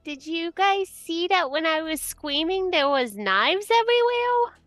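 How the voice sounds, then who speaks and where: A woman's voice: extremely high pitch, lively intonation, measured pace, a bit bright, no echo, voice pushed up, exaggerated voice. A woman voicing a nervous, earnest young healer who sounds anxious and amazed. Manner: anxious, wondering.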